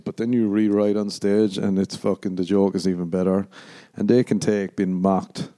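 An Irish man hosting his own podcast, rambling through profane, meandering stories with the odd quick mock voice. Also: on the low side, warm tone. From Ireland. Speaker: podcast host and stand-up comedian. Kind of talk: casual rambling solo podcast monologue.

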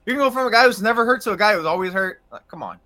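Fast-talking high-voiced male co-host. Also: animated, bright, forceful tone. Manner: rapid, casual, many fillers. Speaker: podcast co-host. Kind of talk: casual sports talk.

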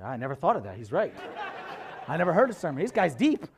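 Awed churchgoers, as a preacher puts them on. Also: male voice, high-pitched, big pitch swings, very fast, vocal fry, breathy edge, a faint crowd, heavily acted. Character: impressed churchgoers, adults, awed.

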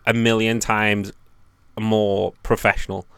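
A man's voice: fairly low pitch, little pitch movement, takes it slowly, creaky, a bit bright, clear, resonant tone, no room sound. A man co-hosting a casual podcast, making dry jokes. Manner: dry, joking. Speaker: podcast co-host. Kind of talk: casual chat.

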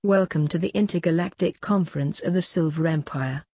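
A woman reading the part of an elderly male alien emperor in a storybook, in low, subdued tones. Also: brisk, a little mellow, lightly acted. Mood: formal. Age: older.

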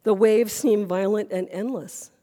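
A woman's voice: medium pitch, fairly even intonation, measured pace, dark tone, big-room sound. A woman pastor preaching a sermon in a church sanctuary, earnest and full of questions.

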